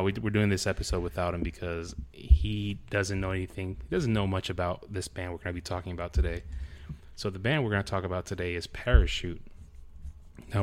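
Man, podcast host, lowish voice, joking and teasing, casual. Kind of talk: casual chat.

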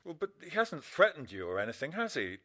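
A man's voice: on the high side, huge pitch swings, fairly quick, a bit bright, full character voice. A man playing a breezy, joking partner. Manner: breezy, joking, puts on a mock Italian accent. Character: easygoing adult man, the woman's partner. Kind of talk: radio drama acting.

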